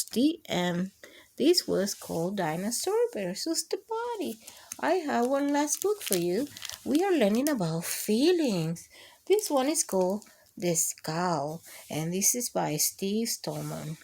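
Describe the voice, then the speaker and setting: A woman reading picture books aloud to children as a storyteller, expressive and playful, adding roars and sound effects. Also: mid-range voice, slow pace, gravelly.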